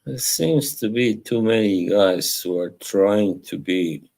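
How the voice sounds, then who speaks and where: A man with a low, deep voice hosts a relaxed live-stream chat from home. He talks slowly and rambles, often chuckling and answering messages from his chat. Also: creaky.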